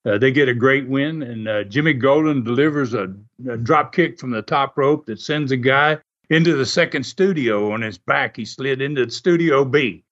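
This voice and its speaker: A man telling stories in a casual, animated way, laughing often and acting out what others said. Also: mid-range voice, normal speed, few pauses. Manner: animated, laughs often, acts out quoted voices. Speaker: guest recounting wrestling TV history. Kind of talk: casual storytelling. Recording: muffled lo-fi audio.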